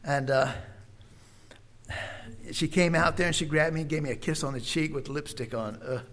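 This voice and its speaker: An older man, a preacher, telling a personal story in a folksy, unhurried way with many pauses and fillers. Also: fairly high pitch, a bit bright.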